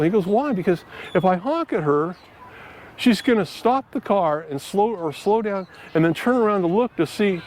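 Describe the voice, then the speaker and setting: A man's voice: a little high, darkish tone. A middle-aged man vlogging outdoors in a park, telling stories in a rambling, earnest way with many fillers and restarts. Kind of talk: casual storytelling to camera. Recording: outdoor ambience with faint background noise.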